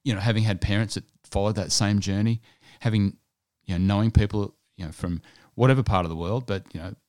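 Low-voiced man hosting a podcast. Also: brisk, darkish tone, no echo, clean studio sound. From Scotland. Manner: rambling, enthusiastic, many fillers. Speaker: podcast host. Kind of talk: casual solo podcast chat.

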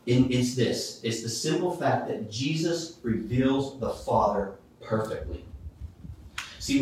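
A man preaching a sermon, reading Bible verses aloud with expressive emphasis. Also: mid-range voice, slight background noise. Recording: echoey room, voice from a distance.

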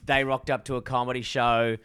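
A man's voice: mid-range voice, flat delivery, a little fast, a bit bright, smooth. A man co-hosting a podcast, asking questions and joking in profane casual chat. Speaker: podcast co-host.

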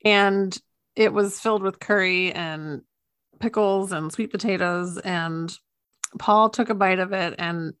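A woman's voice: mid-range voice, fairly even intonation, a little slow, fairly bright tone, clean tone, dry recording, studio quality. A woman co-hosting a casual podcast, telling what happened in an episode in a chatty storytelling way. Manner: storytelling recap, chatty with frequent "like". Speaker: podcast co-host. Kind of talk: casual chat recapping a baking show.

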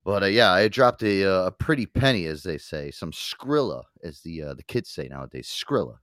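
A man's voice: sits low, brisk, fairly bright tone, smooth, no echo, studio quality. A man hosting a podcast, rambling casually with swearing and frequent laughs. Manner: rambling, profane, laughs easily. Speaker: podcast host. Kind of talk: casual chat.

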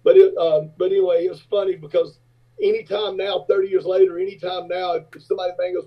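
Man, husky, a bit high-pitched, animated storyteller, dull lo-fi audio. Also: fast talker. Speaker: rock singer and businessman, guest. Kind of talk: casual interview storytelling.

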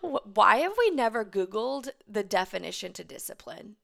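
A woman's voice: mid-range voice, sing-song, normal speed, creaky, fairly bright tone. A woman in her thirties hosting a casual solo podcast as a business coach, chatty and emphatic, swearing and laughing freely, heavily pregnant and short on sleep.

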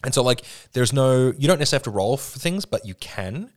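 Man, casual podcast host, enthusiastic, long explanations, frequent swearing, mid-pitched voice. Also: lively intonation, quick pace. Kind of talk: casual chat.

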